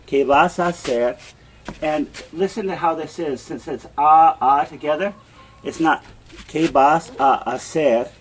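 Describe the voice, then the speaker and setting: A man teaching a beginner language lesson in a classroom, patiently repeating example phrases slowly. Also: fairly high pitch. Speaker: Spanish teacher.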